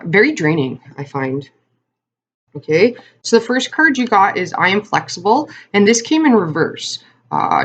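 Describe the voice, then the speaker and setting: A woman's voice: lowish voice, a bit bright, lo-fi sound. A woman giving a casual tarot card reading to her viewers, talking in a chatty, rambling way with lots of fillers and asides. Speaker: tarot reader.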